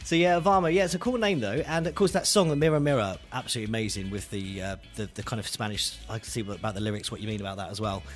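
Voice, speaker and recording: A man's voice: fairly low pitch, very fast, hardly any pauses, soft background music. A man with a Southern English accent hosting a live radio interview, chatty and laughing often. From southern England. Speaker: radio DJ host.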